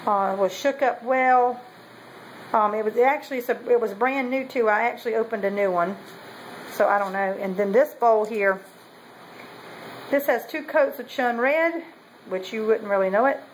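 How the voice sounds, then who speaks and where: A woman's voice: a little high, moderate pace, a little hiss or hum, low-quality recording. A woman, talking casually in a meandering way with many ums and self-corrections as she shows her pottery. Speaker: potter showing kiln results. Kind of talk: casual show-and-tell vlog.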